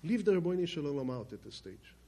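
A man telling a personal story in plainspoken speech, swinging between loud emphatic bursts and quiet low passages. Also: very animated, quick pace. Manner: plainspoken, with restarts and loose grammar. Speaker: speaker telling his life story.

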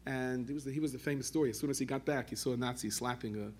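Husky guy preaching fast, full of yiddish words, lively storytelling. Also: medium pitch. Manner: animated, sprinkles Yiddish and Hebrew terms. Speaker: rabbi telling stories. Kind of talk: storytelling sermon.

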